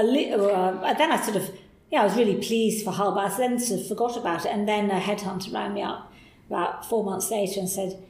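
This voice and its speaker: A middle-aged woman, a podcast guest, telling candid stories in an animated, enthusiastic way. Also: medium pitch. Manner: animated and enthusiastic, acts out quoted voices. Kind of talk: candid anecdotal storytelling. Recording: roomy echo.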